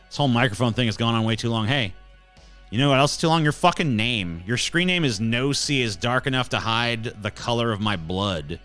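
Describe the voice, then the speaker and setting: A man's voice: medium pitch, lively intonation, moderate pace, fairly bright tone, faint music behind. A man hosting a livestream, ranting brashly and mockingly at chat with lots of swearing, into a handheld mic held close. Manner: brash, foul-mouthed, mocking. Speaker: livestream host. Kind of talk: casual profane ranting to chat. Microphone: handheld microphone, close.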